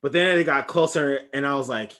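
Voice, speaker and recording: A man co-hosting a podcast, telling an excited story in casual chat. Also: mid-range voice, brisk. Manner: animated storytelling, shouts and laughs when excited. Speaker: podcast co-host.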